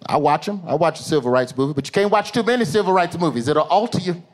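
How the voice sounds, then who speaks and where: A male stand-up comedian, performing an animated set that swings from low asides to high shouted bits on a theater stage. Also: fast talker. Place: theater stage with a laughing audience. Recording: live show with loud crowd laughter and room noise.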